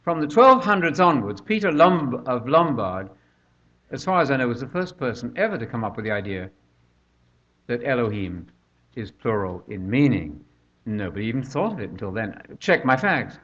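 A man's voice: mid-range voice, big pitch swings, normal speed, fairly bright tone. An older man preaching a conversational sermon, full of rhetorical questions, recorded on a dull lo-fi track.

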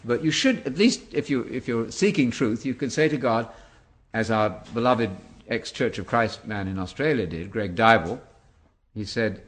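A man's voice: lowish voice, moderate pace. A man in his seventies, a Bible teacher answering interview questions in an emphatic, preacher-like way. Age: 70s. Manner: animated, emphatic preacher-like delivery.

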